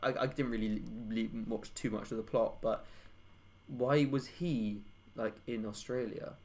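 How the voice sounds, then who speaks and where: A man's voice: medium pitch, fairly even intonation, moderate pace, darkish tone. A young man co-hosting a casual podcast, hesitant with many fillers but playful. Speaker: podcast co-host. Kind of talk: casual chat.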